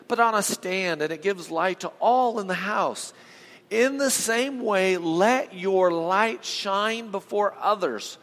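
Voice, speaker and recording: A man's voice: sits high, a bit bright. A male pastor preaching a sermon with emphatic, repeated phrases, calling on his congregation to answer him. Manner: emphatic, calls on the congregation to respond. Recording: long reverb of a large hall.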